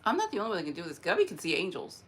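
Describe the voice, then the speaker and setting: Rambling chatty woman, low-ish voice. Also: rapid-fire. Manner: rambling, animated, laughs often. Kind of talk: casual spiritual talk to camera.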